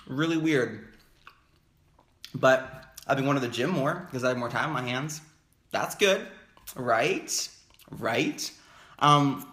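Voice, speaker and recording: In an echoey home basement, a young male vlogger eats on camera and chats casually in a mukbang. His voice is medium-pitched and fairly bright, and he rambles along, laughing easily.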